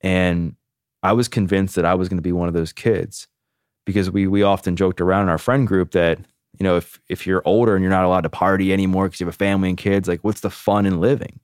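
A man in his thirties, a podcast guest, telling his own story candidly in a casual, animated way, full of "like". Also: sits low, quick pace, clear, resonant tone, no echo, studio quality. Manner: candid, animated, heavy use of "like".

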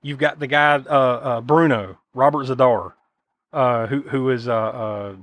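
A man's voice: mid-range voice, steady tone, measured pace, a bit bright, no room sound. A man hosting a podcast, chatting casually about a film in a rambling, profane way full of fillers. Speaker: podcast host.

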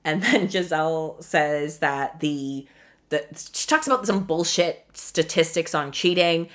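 A woman's voice: low-pitched, unhurried. A woman giving a casual solo recap of a reality TV show, candid and sarcastic, swearing freely.

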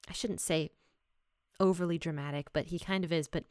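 A woman's voice: deep voice, fairly even intonation, fairly quick, a little mellow, no echo, clean studio sound. A young woman giving a casual, chatty Bible study, sharing personal stories and laughing as she explains. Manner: chatty and conversational, laughs while telling stories. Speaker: Bible teacher.

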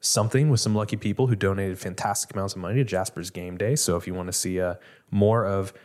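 A man's voice: deep voice, steady tone, fast talker, darkish tone. A man hosting a casual podcast interview, chatty and upbeat. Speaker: podcast host.

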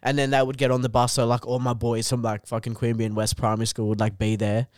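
A man's voice: mid-range voice, fast, clean tone, no room sound, clean studio sound. A young Australian man telling a rambling, sweary story on a podcast, saying dude constantly and laughing as he goes. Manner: animated, laughs through own story. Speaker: comedian guest.

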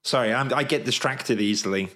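A Welsh man chatting over a video call, full of quick jokes about himself and easily excited by what he sees. His talk is loose and friendly, bouncing from one remark to the next. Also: mid-range voice. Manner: jokey, self-deprecating, easily excited. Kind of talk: casual chat.

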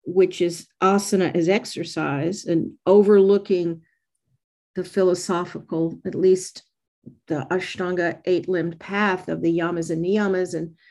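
An older woman with a soft Southern American accent, talking in a measured, unhurried way. Her voice sits a little low for a woman, and she lays out each thought carefully, as a guest in a relaxed interview. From United States. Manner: measured, slow, thoughtful delivery. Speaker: yoga teacher, interview guest. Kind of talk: reflective conversational interview.

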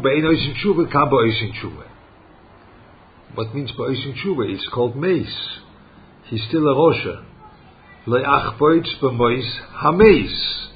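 A man teaches a religious lesson, stopping and restarting as he hunts for the right word. He keeps putting rhetorical questions to his listeners. His voice sits in an ordinary middle pitch, and the recording is dull and lo-fi with a faint hiss underneath. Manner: halting, searching for words, rhetorical questions. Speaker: rabbi teaching Torah.

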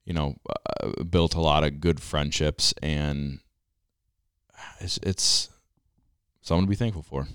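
A man's voice: a bass voice, a little slow, a bit bright, clear, resonant tone, no echo, studio quality. A man co-hosting a podcast in easygoing casual chat, laughing as he talks. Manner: easygoing, laughs while talking. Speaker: podcast co-host.

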